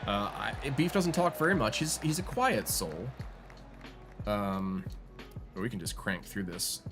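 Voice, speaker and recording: A man's voice: fairly low pitch, expressive, measured pace. A man streaming a golf video game, rambling and joking as he thinks aloud with lots of fillers. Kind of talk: casual gameplay commentary. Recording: music playing behind. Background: game music.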